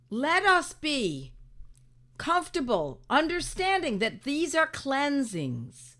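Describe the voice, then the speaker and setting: Animated, high-voiced woman, slow and emphatic. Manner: emphatic, mock-quoting others, exasperated asides. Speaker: host. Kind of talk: casual monologue to viewers.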